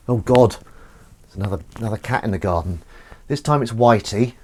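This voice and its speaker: A man talks casually in his kitchen while washing up, wandering off topic and poking fun at himself. His pitch swings up and down freely as he chats and coos at a cat. The faint clatter of dishes and cutlery sits behind him. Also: expressive, a little fast, pauses often, dark tone, a little hiss or hum. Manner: rambling, self-mocking, coos at his cat. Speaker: live streamer. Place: home kitchen. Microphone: desk microphone.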